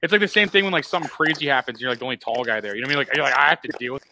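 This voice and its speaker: A man chatting casually on a podcast, rambling and excitable, repeating himself as he talks. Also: medium pitch, rapid-fire. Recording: noisy live recording with clicks.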